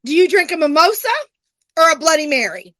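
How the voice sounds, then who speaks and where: A woman's voice: high-pitched, animated, a little fast, sharp tone, no room sound. A woman co-hosting a podcast in casual chat, blunt and playful, laughing often. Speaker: podcast co-host.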